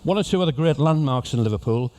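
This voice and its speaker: A man's voice: a little high, animated, fast talker, darkish tone. A man giving a humorous, chatty talk to cruise passengers as an after-dinner speaker. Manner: jokey, chatty storyteller addressing an audience. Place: ship lecture venue.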